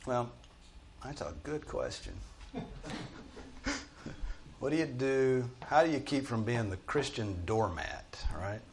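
A man's voice: mid-range voice, slow pace, pauses often, a little hiss or hum. A man teaching a Bible study group in a conversational, emphatic way, often restarting his sentences.

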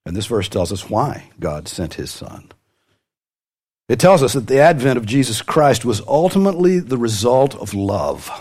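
A man's voice: mid-range voice, very animated, normal speed, darkish tone, husky. A man preaching a sermon to a congregation, with light humor and sudden rises in his voice for emphasis. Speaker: pastor.

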